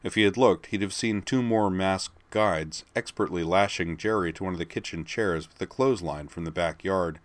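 A man with a deep, low voice narrates an audiobook, reading the story at a measured, even pace. His delivery stays steady, and the recording is dry and close with no room sound.

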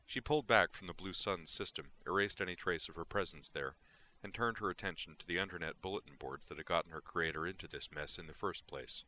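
A man reads a science fiction story aloud in a steady, even way. His voice is low yet crisp and bright. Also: fast talker. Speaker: narrator. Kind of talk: audiobook reading of sci-fi fiction.

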